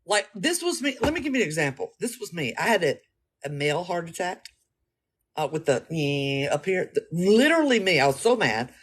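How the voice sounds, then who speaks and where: A woman's voice: on the low side, very animated, brisk, breathy edge. A woman vlogging to camera in a blunt, profane way, acting out her own reactions as she talks. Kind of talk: casual talk to camera.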